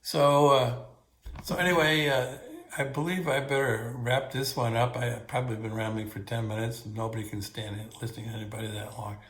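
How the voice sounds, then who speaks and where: An older man, a grandfather, casually telling family stories and wandering off with many pauses and fillers. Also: mid-range voice, level tone, fairly bright tone. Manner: meandering, full of pauses and fillers. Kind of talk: casual rambling storytelling. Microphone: battery-powered recorder or phone. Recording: roomy echo.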